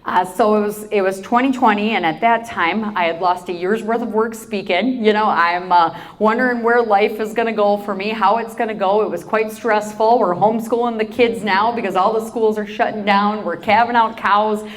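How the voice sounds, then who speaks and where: Lively storytelling woman speaker. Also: mid-range voice, moderate pace, few pauses. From South Dakota. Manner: lively anecdotal storyteller with playful asides to the audience. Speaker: agriculture advocate and speaker. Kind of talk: storytelling keynote talk.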